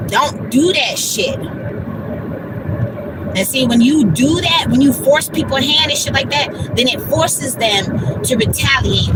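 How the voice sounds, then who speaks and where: A woman's voice: a little high, heavy background noise. A woman, blunt and talking about herself by name in a casual livestream monologue. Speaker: vlogger.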